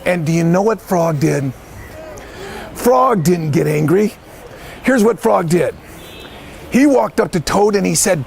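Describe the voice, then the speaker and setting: High gravelly man telling a story. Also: measured pace, long pauses, slight background noise. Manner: animated, shouting, asks the children questions. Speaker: head of school, storyteller. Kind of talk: animated storytelling to children.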